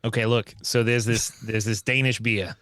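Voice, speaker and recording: A man's voice: medium pitch, level tone, moderate pace, fairly bright tone, no echo. A man playing a tabletop game, rambling through jokes with crude swearing. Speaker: player. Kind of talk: improv game banter.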